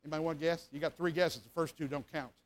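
A man, a revival preacher telling a folksy, animated story in a sermon and acting out sounds and voices. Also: a little high, rapid-fire.

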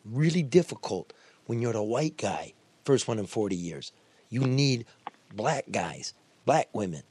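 A man's voice: mid-range voice, sing-song, unhurried, darkish tone, slightly rough. A man from Detroit hosting a talk show, blunt, profane and joking in casual chat.

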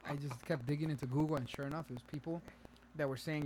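Fast-talking animated man in casual chat. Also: a little high, a little hiss or hum. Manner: animated storyteller, acts out callers in raised voices; mixes English with Spanish. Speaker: podcast co-host.

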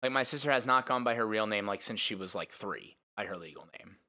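Man, bright tone, loose rambling podcast guest. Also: lowish voice, animated, quick pace. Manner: rambling storyteller, swears, puts on voices for quotes. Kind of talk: casual chat.

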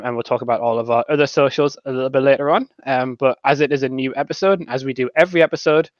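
A man's voice: mid-range voice, dry recording. A man hosting a casual gaming podcast, jokey and chatty with plenty of fillers. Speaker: podcast host. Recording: dull lo-fi close mic.

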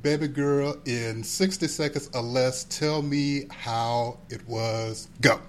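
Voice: medium pitch, fairly even intonation, slow, noisy background. A podcast host in casual chat, playful and teasing, drawing out their words.

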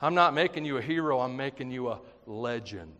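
A man preaching a sermon in an animated, conversational way, mixing jokes and acted-out quotes into his teaching. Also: mid-range voice, a little fast, long reverb tail. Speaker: pastor.

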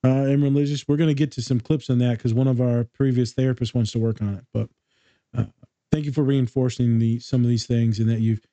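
A man's voice: medium pitch, fairly even intonation, fairly quick, warm tone, no room sound. A man co-hosting a casual podcast as a therapist, talking in a laid-back, jokey way with plenty of slang. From Chicano, grew up in the US.

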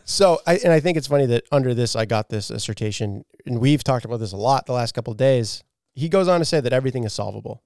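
A man's voice: medium pitch, animated, fast, creaky, few pauses, darkish tone, no echo, clean studio sound. A man co-hosting a podcast, chatting casually, swearing often and laughing easily. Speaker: podcast co-host.

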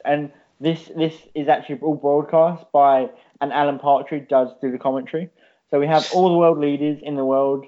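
A man's voice: on the high side, fairly even intonation, normal speed. A man co-hosting a casual chat, rambling and swearing a lot, on a dull lo-fi recording. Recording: dull lo-fi sound.

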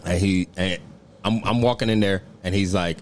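A man's voice: deep voice, normal speed, slight background noise. A man co-hosting a casual podcast, telling a story with lots of laughter and impressions of coworkers. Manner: animated storyteller, laughs often, mimics coworkers. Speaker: podcast co-host.

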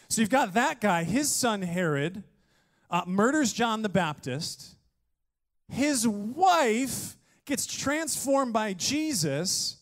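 A man preaching a sermon, energetic and joking, with playful asides to his congregation. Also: sits high. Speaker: pastor.

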